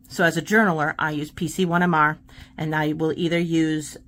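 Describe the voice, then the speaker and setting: A woman's voice: lowish voice, a bit bright. A woman hosting a casual art tutorial, chatting and encouraging while she demonstrates paint pens.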